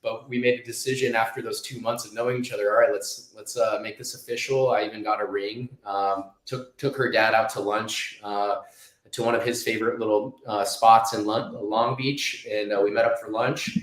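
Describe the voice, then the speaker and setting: A man's voice: fairly low pitch, steady tone, normal speed, a bit bright. Rambling man in an echoey room. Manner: rambling, many restarts and fillers. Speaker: guest. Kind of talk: casual interview storytelling.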